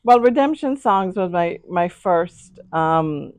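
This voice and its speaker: A Jamaican woman being interviewed as an author, speaking in a measured, reflective way. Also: fairly low pitch, lively intonation, darkish tone, no echo. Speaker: author guest. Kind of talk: interview conversation.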